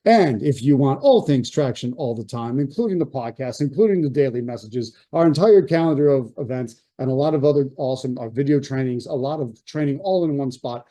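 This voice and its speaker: Man plugging his stuff to a crowd, warm low-key voice, kinda salesy. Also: lively intonation, a little fast, few pauses, dry recording. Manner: upbeat salesy pitch with fillers. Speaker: real estate trainer and host. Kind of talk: promotional talk to an audience.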